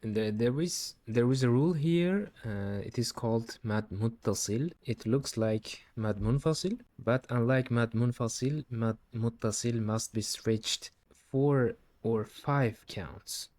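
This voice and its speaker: A man's voice: medium pitch, takes it slowly, a little mellow. A man teaching Quran recitation step by step, patiently sounding out and repeating each word to show the correct pronunciation.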